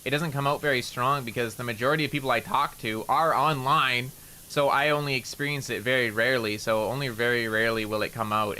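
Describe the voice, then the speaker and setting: A man's voice: medium pitch, bright, forceful tone, slight background noise. A man with a mild rural Canadian accent, chatting casually and rambling as he streams a game, peppering his talk with "like" and casual swearing. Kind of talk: casual chat while gaming.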